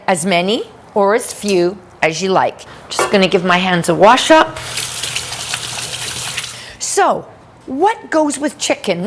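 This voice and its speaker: A woman's voice: medium pitch, slight background noise. A woman giving an upbeat cooking demonstration in a kitchen, chatting with playful asides.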